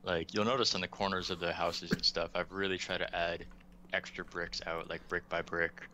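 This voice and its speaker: A man's voice: deep voice, level tone, moderate pace, pushed and bright, a little hiss or hum. A man from the United States, a game asset developer, talking casually and enthusiastically about his work with many ums. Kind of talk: casual interview chat.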